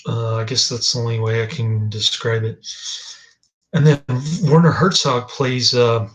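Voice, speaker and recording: A man's voice: mid-range voice, fairly bright tone, low-quality recording. A man giving a casual, rambling movie review, hesitant with many fillers and restarts, dry and dismissive.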